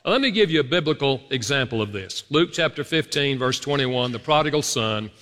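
A man's voice: mid-range voice, expressive, a little fast, bright, forceful tone. A man giving an earnest, emphatic teaching talk to an audience, speaking directly to his listeners. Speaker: speaker on marriage and apology. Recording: long hall reverb.

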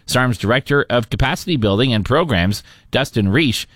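A man reading a local radio newscast in a steady, measured newsreader manner. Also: medium pitch, no room sound, studio quality. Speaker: radio news anchor.

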